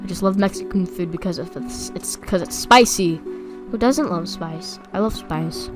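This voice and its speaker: Young female YouTuber, excitable play-by-play, light music bed. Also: lowish voice, moderate pace. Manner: excitable, chatty, repeats words when stressed. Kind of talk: casual gameplay commentary. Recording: faint music behind.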